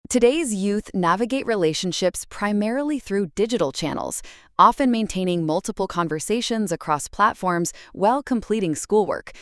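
A woman reading scripted educational narration in a measured, steady way, working through lists point by point. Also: mid-range voice, no echo, studio quality.

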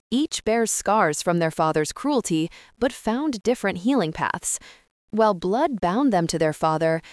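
A woman reading a scripted book summary in a steady, even storytelling manner. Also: medium pitch, dry recording, studio quality. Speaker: narrator.

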